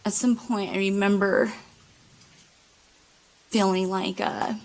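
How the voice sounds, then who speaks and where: A woman giving courtroom testimony as a witness, halting, with many fillers and restarts. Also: medium pitch, steady tone, darkish tone, low-quality recording. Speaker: trial witness. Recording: courtroom microphone.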